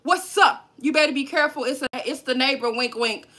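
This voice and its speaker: High, bright-voiced woman on a cooking livestream. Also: fairly quick. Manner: chatty, talks straight to viewers; playful, swears and jokes. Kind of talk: casual livestream cooking demo.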